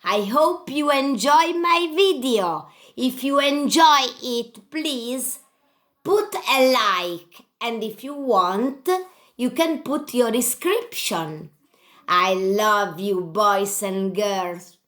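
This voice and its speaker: A woman with an Italian accent, teaching English to children in a puppet lesson, speaking slowly and repeating simple sentences. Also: fairly high pitch, animated, a bit bright.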